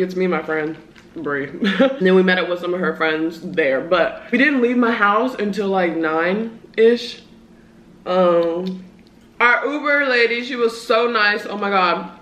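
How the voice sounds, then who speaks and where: A woman's voice: mid-range voice, moderate pace, a bit bright. Chatty young woman eating on camera. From Southern California. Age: early 20s. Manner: chatty, slangy, talks while eating. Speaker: vlogger. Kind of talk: casual mukbang chat. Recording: roomy echo.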